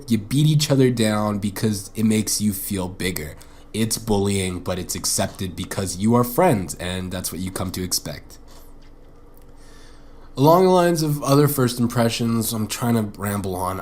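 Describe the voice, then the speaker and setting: Young man, podcast host, profane, rambling, blunt, self-mocking, average pitch. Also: darkish tone. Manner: rambling, with frequent restarts. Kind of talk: solo rambling podcast monologue.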